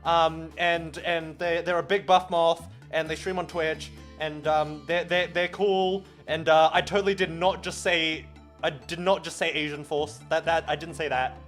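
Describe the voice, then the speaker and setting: A man's voice: a little high, fairly even intonation, a little slow, hardly any pauses, a bit bright, faint music behind. A man chatting casually on a live stream while gaming. He stammers, restarts words often, swears freely and laughs at himself.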